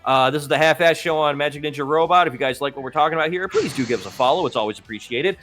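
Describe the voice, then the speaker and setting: A man co-hosting a casual podcast in a bright, somewhat high voice. He rambles through loose thoughts, filling gaps with "uh" and quick laughs. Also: soft background music. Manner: rambling, laughs often, many fillers. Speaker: podcast co-host. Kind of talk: casual chat.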